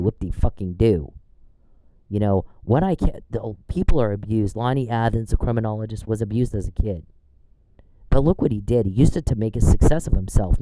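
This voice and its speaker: A man's voice: on the low side, dark tone, no room sound, poor audio. A man delivering a combative, taunting rant straight at an adversary, profane and repetitive. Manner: repetitive, insistent address to an adversary. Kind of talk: direct-to-camera rant.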